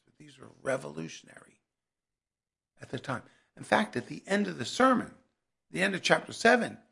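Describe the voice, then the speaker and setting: A man's voice: medium pitch, vocal fry, a bit bright, husky. A man preaching a sermon in a conversational way that builds to emphatic peaks.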